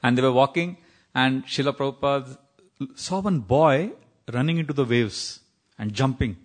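An Indian spiritual teacher with an Indian accent leads a scripture class, telling stories, quoting Sanskrit verses, and laughing at times. His male voice is medium in pitch, and he speaks at a moderate pace.

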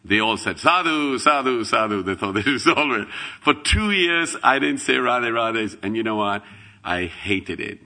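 Man, middle-aged, devotional storyteller, gravelly, bright edge, jumps from loud to hushed. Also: on the low side, unhurried. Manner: animated, swings from loud exclamations to hushed asides; laughs while telling stories. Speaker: devotional speaker.

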